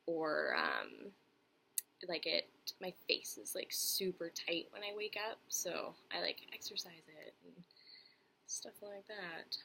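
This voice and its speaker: A woman's voice: fairly low pitch, sing-song, takes it slowly, creaky, bright, forceful tone, slight background noise, low-quality recording. A young woman chatting candidly to camera, answering viewer questions with lots of fillers and restarts. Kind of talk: casual chat to camera.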